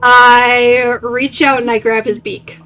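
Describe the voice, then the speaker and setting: A woman's voice: fairly high pitch, little pitch movement, slow, sharp tone, clear, resonant tone, faint music behind, rough recording. A woman playing a tabletop game, teasing and blunt in her talk. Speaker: player. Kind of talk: casual tabletop play.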